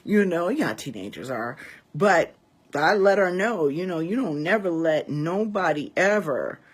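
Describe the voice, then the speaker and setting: A woman's voice: lowish voice, lively intonation, moderate pace, slightly rough. A woman in her forties from Chicago's West Side, telling a story to her viewers in a casual, emphatic and profane way. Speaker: vlogger and priestess.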